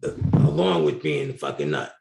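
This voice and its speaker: Gravelly middle-aged man telling stories. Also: very deep voice, wildly swooping pitch, normal speed, dark tone. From New Jersey. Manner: candid, colorful storyteller. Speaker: guest. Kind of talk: storytelling interview. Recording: roomy echo.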